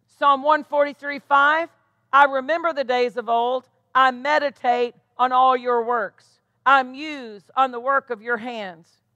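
A woman pastor with an American accent preaching a sermon, repeating phrases for emphasis and slowing down to stress the scripture she reads. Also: high-pitched, a bit bright, no room sound.

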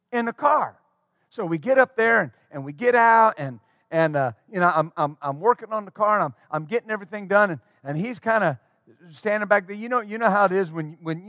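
A middle-aged man pastor telling a folksy story in a sermon, animated and full of restarts. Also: high voice, dry recording. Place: church.

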